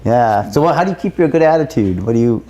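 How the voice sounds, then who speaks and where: A man's voice: medium pitch, expressive, fast talker, dark tone, lo-fi sound. A man hosting an interview and asking veterans friendly, encouraging questions. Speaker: doctor and interviewer. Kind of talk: casual interview.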